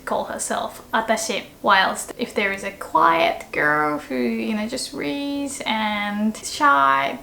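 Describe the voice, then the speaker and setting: A woman teaching in a casual video lesson, lively, sometimes jumping into cute character voices for her examples. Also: on the high side, slow pace, creaky, hardly any pauses, roomy sound, a little hiss or hum. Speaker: Japanese language teacher.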